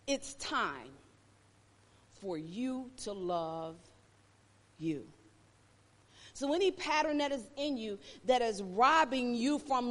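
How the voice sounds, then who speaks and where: Woman preacher, bright sharp voice, loud then soft, big echoey church. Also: fairly high pitch, expressive, slow pace, pauses often. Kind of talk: sermon. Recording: long hall reverb.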